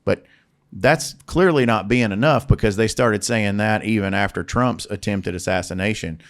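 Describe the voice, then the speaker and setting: Deep-voiced male podcast co-host, thoughtful and searching, guides the talk. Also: moderate pace. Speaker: podcast co-host leading the topic. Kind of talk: casual podcast discussion.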